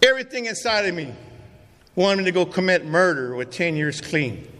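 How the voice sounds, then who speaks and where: A middle-aged man tells his story at a recovery meeting, his high, fairly bright voice swinging widely in pitch at a moderate pace. The testimony is raw, profane, and streetwise. Sound echoes in the meeting hall, over faint room noise.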